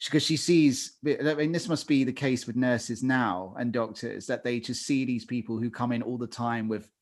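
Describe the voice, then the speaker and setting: A man's voice: medium pitch, fairly even intonation, moderate pace. Chatty man, casual podcast talk. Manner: chatty, hedging with fillers and self-corrections. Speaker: podcast co-host. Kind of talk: casual chat.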